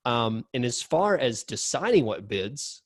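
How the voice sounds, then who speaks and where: A man's voice: medium pitch, sing-song, unhurried, no echo. Emphatic male podcast host, dry sound. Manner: emphatic, lots of fillers and repeats. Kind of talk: casual podcast chat.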